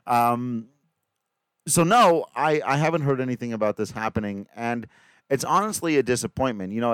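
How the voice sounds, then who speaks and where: Smooth-voiced, chatty male podcast host. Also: lowish voice, dry recording. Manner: chatty, joking, self-deprecating. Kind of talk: casual podcast chat with ad read.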